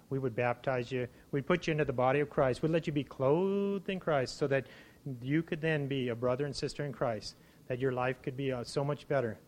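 A man giving an informal sermon to his church, conversational, with frequent restarts and animated exclamations. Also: mid-range voice. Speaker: preacher.

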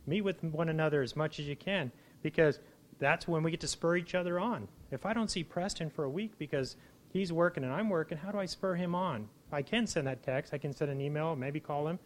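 A man preaching to his congregation in a loose, conversational way, often restarting his sentences. He bursts into lively exclamations now and then, and his voice sits a little above the usual male range. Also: a little high, brisk. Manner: conversational, repeats words and restarts, animated exclamations. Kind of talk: informal sermon.

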